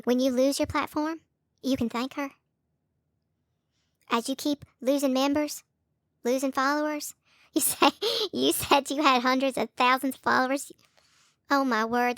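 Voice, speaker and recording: A woman rants at two people, scolding and sarcastic, mocking them in shrill put-on voices. Her voice sits high. The sound is dry and close, with no room around it. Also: a bit bright, dry recording. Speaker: YouTube commentator. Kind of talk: confrontational call-out rant.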